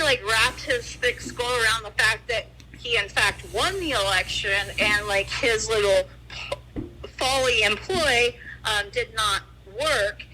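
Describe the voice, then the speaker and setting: A woman's voice: on the high side, bright, forceful tone, a little hiss or hum, low-quality recording. A woman in grief, speaking bluntly and from the heart as a guest on a casual podcast chat, with swearing. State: grieving. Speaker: guest on the line.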